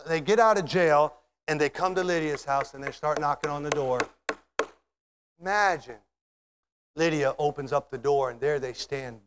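A man preaching a sermon as pastor. He tells a story, asks the listeners to imagine it and rises to fervent shouts. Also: on the high side, clear, resonant tone. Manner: impassioned, building to shouts.

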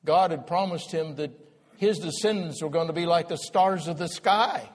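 A pastor playing earnest young Isaac. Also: male voice, fairly high pitch, normal speed, pitched above the performer's own voice, natural voice. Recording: long hall reverb.

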